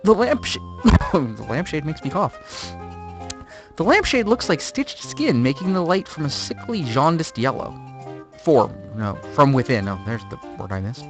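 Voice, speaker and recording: A man's voice: a little high, sing-song, measured pace, soft background music. A man streaming a video game playthrough, reading the game text aloud with wry, jokey asides. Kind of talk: let's-play narration.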